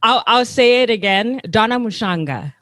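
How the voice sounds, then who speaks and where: A woman's voice: fairly high pitch, lively intonation, moderate pace, a bit bright, no echo, clean studio sound. A woman co-hosting a podcast in casual chat, gushing with praise. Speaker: podcast co-host.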